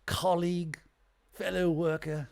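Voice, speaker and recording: A man's voice: high voice, little pitch movement, a little slow, gravelly, a little mellow, pitched above the performer's own voice. A man voicing a posh, stuffy male professor who greets people with pompous formality.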